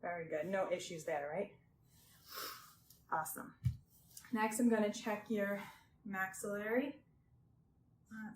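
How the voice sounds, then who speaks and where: Gentle woman talking through a clinical exam. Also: medium pitch, unhurried, pauses often. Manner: gentle, reassuring, often checks in with "okay?". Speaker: examiner doing a health assessment. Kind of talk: step-by-step clinical exam instructions. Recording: roomy with faint background noise.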